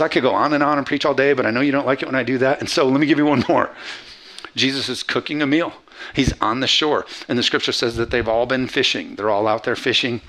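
A man preaching a lively sermon with a gravelly edge in his voice. His tone is bright and forward, and he slips into quick back-and-forth dialogue to act out the scenes he retells. He keeps pressing the congregation with questions. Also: mid-range voice. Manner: animated preaching, acting out Bible characters in quick dialogue. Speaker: pastor.

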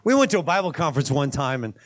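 High-voiced preaching man. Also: big pitch swings, rapid-fire. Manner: conversational preaching, rising to emphatic bursts, asides and laughs. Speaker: pastor. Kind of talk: sermon.

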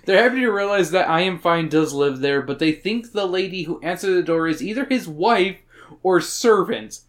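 A podcast host reads chapter summaries aloud in a loose, casual book club chat. The voice sits at a middling pitch. The jokes run crude and irreverent throughout. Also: lively intonation, moderate pace.

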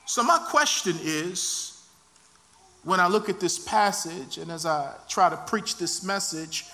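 A man's voice: high voice, sharp tone. A man preaching a sermon, reading scripture and rising into impassioned, dramatic cries.

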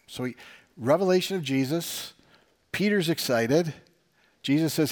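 A man's voice: fairly high pitch, lively intonation, measured pace, long pauses, darkish tone. A man preaching a sermon as pastor, talking conversationally, asking the audience rhetorical questions and using dry sarcastic humor.

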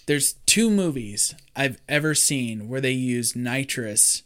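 A man tells a film's story in a relaxed, joking way. He chats casually with his co-host. He slips into quick little voices for the characters. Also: medium pitch, smooth. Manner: joking, animated storyteller who acts out quotes. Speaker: podcast co-host. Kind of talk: casual chat recapping a film.

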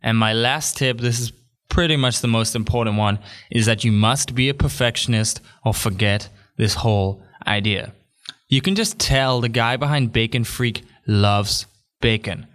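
A man's voice: medium pitch, normal speed, fairly bright tone. A young adult man from England, hosting a solo podcast in an upbeat, chatty way with jokey asides. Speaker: podcast host.

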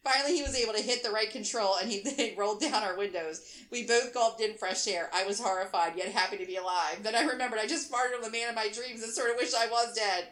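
Woman host in her thirties reading aloud, animated and laughing, bright tone, roomy sound. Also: fairly high pitch, fast talker, hardly any pauses. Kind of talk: reading a funny story aloud. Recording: roomy echo.

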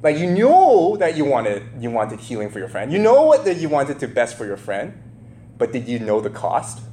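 Animated man preaching in an echoey room. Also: mid-range voice, normal speed. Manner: animated, asks the listeners questions, acts out quotes. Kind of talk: conversational sermon, Bible teaching. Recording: roomy echo with faint hum.

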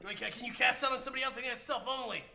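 A man's voice: extremely high pitch, steady tone, racing, vocal fry, bright, forceful tone, roomy sound. A man narrating a tabletop game as game master in a playful, teasing way.

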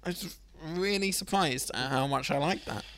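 A man's voice: a little high, normal speed, a bit bright, slight background noise. A man co-hosting a podcast in casual chat, hesitant and full of ums, laughing often. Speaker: podcast co-host. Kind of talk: casual chat about a TV series.

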